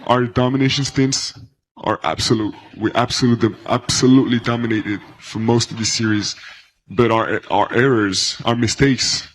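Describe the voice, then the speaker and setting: A man answering press questions after a game, halting and restarting words as he searches for them. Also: medium pitch, steady tone, slight background noise, poor audio.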